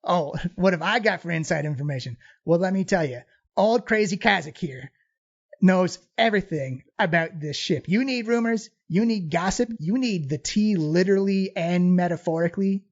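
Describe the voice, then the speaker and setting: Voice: medium pitch, moderate pace, muffled recording, lightly acted. A game master voicing a chatty male goblin ship's cook who rambles and gossips. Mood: boastful. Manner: rambling gossipy talk, full of fillers.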